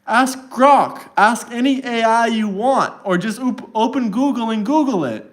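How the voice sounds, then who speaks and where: Combative man with a high voice. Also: lively intonation, measured pace. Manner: combative and mocking, reads text aloud to argue. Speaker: livestreamer answering chat. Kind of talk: live stream chat rant.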